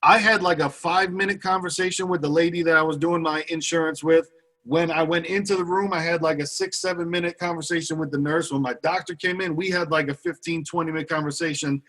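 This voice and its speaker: A man's voice: on the high side, steady tone, fast talker, a bit bright. A young man cohosting a podcast in casual chat, chiming in with agreement and slang.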